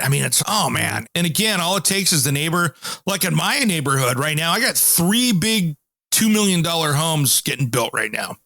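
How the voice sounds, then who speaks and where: Fairly high-pitched with vocal fry and a dry recording, this Pacific Northwest US man hosts a home improvement show. He tells stories in relaxed conversation, animatedly performing the voices of those he quotes.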